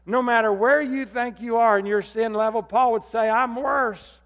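A man preaching a sermon as pastor, swinging between loud emphatic calls and low hushed appeals. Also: fairly even intonation, moderate pace. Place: church sanctuary. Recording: long hall reverb.

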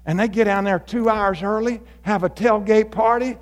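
A man preaching a lively sermon as pastor in church, animated and building to fired-up shouts. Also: high voice, moderate pace, hardly any pauses. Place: church sanctuary. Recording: long reverb of a large hall.

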